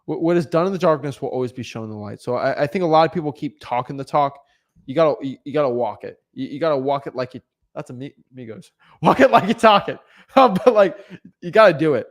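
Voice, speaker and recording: A young man giving casual motivational advice as a real estate coach, animated, often repeating and restarting words. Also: medium pitch, fast. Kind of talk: casual motivational vlog talk.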